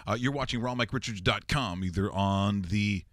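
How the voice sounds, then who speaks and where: A man hosts a sports talk show in a jokey, storytelling way. His voice sits low. The studio sound is dry and close. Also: normal speed, no echo. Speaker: show host.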